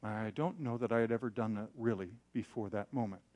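A man's voice: fairly low pitch, a little fast, a little mellow. A man preaching, telling a personal story in a candid, self-deprecating way and acting out the voices he quotes. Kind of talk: sermon storytelling.

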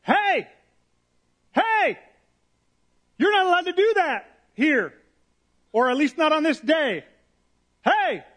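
A man voicing an indignant male religious leader who shouts the rules at people. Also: big pitch swings, slow, pauses often, full character voice. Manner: loud, shrill scolding.

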